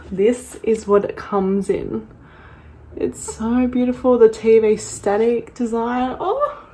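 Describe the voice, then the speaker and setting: A woman's voice: on the high side, slight background noise. Gushing young woman unboxing. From Australia. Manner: gushing, gasping, with breathy whispers of excitement. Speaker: vlogger. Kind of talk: casual unboxing vlog.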